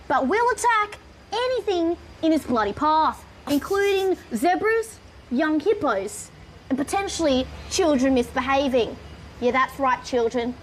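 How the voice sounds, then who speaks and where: Brash male wildlife presenter, thick Australian drawl, gruff and theatrical, pitched high, as a woman puts him on. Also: a little hiss or hum.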